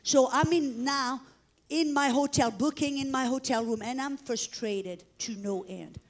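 A woman with a high voice preaches, telling her testimony with drama. She acts out shouts and commands, then falls back to an even telling voice. She sounds middle-aged. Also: a little slow. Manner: dramatic storytelling, acting out shouts and prayers. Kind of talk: testimony sermon.

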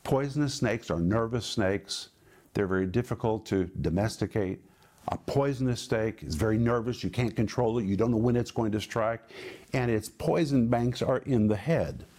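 A man's voice: lowish voice, moderate pace, darkish tone. A middle-aged man preaching an emphatic sermon, explaining word meanings with big rises and falls in his voice.

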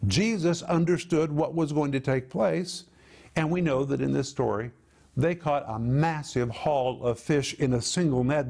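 A man with a somewhat high voice teaches from the Bible in a televised program. He leans hard on key words and draws them out for emphasis. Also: vocal fry, a little mellow. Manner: emphatic, drawn-out stresses on key words, explaining Greek word meanings.

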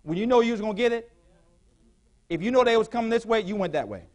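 A male pastor preaching a sermon in a church, with call-and-response questions to the congregation, sometimes rising to shouts. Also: high voice, lively intonation, fast talker. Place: church sanctuary.

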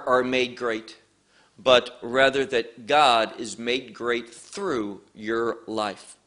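Male Bible teacher. Unhurried, emphatic delivery with a bright tone, pitch rising and falling a lot. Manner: emphatic, repeats key words.

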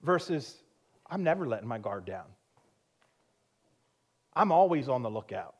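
A man's voice: medium pitch, very animated, unhurried, darkish tone, husky. A male pastor, probably in his thirties, preaching a sermon and telling a personal story with frequent laughter and self-mocking humor.

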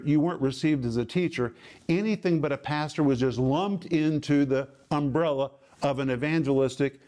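A man hosting a televised Bible teaching program, speaking in an emphatic, deliberate preaching cadence. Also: fairly high pitch, darkish tone.

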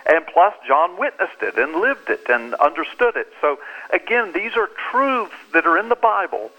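Male author-pastor guest, bright voice, emphatic preacherly delivery. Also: sits high, lively intonation, normal speed, poor audio. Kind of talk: animated interview talk.

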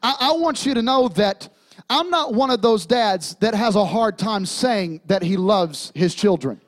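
A man's voice: sits high, lively intonation, measured pace. A man, preaching a sermon in a church sanctuary, with humor and emphatic repetition. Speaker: pastor.

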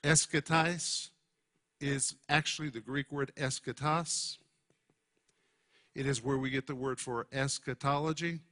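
A man teaching a sermon to a congregation, speaking emphatically and deliberately and stressing key words. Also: medium pitch, fairly even intonation, pushed and bright. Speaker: Bible teacher.

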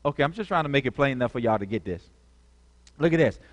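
A man's voice: medium pitch, animated, quick pace. Man preaching in an echoing church. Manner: call-and-response, repeats key words. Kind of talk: sermon. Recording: long reverb of a church hall.

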